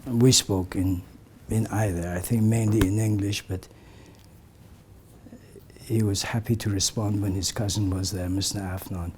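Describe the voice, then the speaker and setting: An older man telling stories to a gathered audience at an unhurried, deliberate pace. His voice sits a little low and often sinks into a soft, breathy near-whisper, with a faint hush of room sound behind him. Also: steady tone, a little hiss or hum. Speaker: community elder sharing memories. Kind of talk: reminiscing talk to a gathering.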